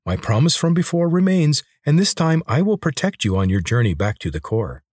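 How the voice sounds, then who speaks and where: A loyal lizard creature with a raised, husky voice and stiff, old-fashioned phrasing, put on by a man reading a storybook aloud. He speaks with solemn formality, recorded dry and close. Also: fairly high pitch, very animated, a little fast, darkish tone, no room sound, pitched above the performer's own voice. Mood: earnest. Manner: stiff, formal speech without contractions.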